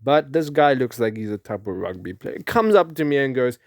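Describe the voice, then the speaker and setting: A young man from Africa, telling a rambling, animated story and laughing often. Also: mid-range voice, fairly quick, no echo, clean studio sound. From South Africa. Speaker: vlogger. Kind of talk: casual storytelling.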